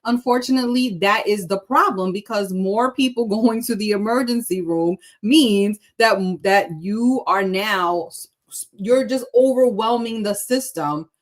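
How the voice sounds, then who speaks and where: Woman co-host, mid-range voice; earnest, steady flow of opinion. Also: medium pitch, unhurried. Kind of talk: casual political chat.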